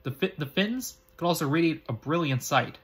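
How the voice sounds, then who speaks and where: A man's voice: a little high, expressive, normal speed, a bit bright, breathy edge. A man reading the lines of a cheeky, boastful boy wizard in a storybook, lecturing confidently.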